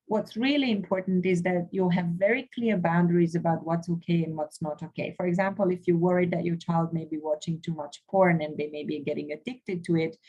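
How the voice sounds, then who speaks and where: A woman's voice: lowish voice, warm tone, lo-fi sound. A woman presenting a parenting webinar to parents, explaining earnestly with frequent fillers and restarts.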